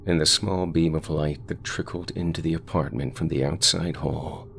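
A man reading scripted horror narration in a slow, brooding storytelling manner. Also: rumbling low, steady tone, vocal fry, a bit bright, slight background noise.

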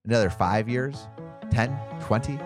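A man giving scripted documentary narration in a dramatic, measured storytelling manner. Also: mid-range voice. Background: background music.

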